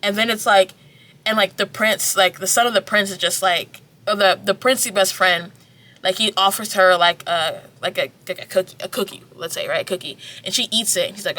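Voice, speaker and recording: Young woman vlogger, bright voice, animated and loose, swears freely, re-enacts scenes while recapping. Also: medium pitch, moderate pace. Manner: animated, acts out scenes, swears, heavy filler "like". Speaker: vlogger reviewing a TV drama. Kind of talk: casual review chat.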